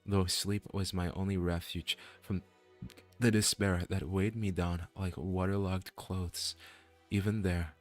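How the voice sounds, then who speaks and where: A man voicing a despairing captive trapped in a web of fate, reading game dialogue in a slow, solemn, weary way. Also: deep voice, level tone, faint music behind.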